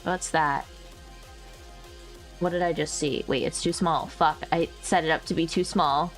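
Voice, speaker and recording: A woman's voice: sits low, steady tone, a little slow, faint music behind. A woman livestreaming casual chat, rambling, laughing often and swearing freely into a new microphone. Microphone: new desk microphone.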